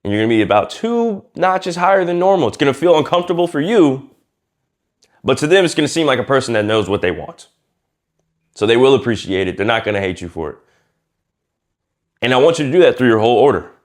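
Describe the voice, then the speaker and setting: A man coaching viewers on speaking, casual and lively, acting out quiet and loud ways of talking and using slang as he goes. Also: medium pitch, quick pace, long pauses. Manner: lively and demonstrative, acts out quiet and loud speech. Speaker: communication coach. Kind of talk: casual instructional talk to camera.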